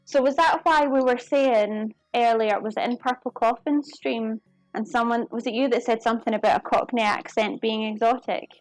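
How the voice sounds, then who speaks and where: A woman's voice: on the high side, fairly even intonation, normal speed, no echo, soft background music. Woman, cooking streamer, chatty and giggly, close dry sound. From United Kingdom. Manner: chatty, giggly, talks to viewers while working. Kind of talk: casual live-stream chat while cooking. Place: home kitchen.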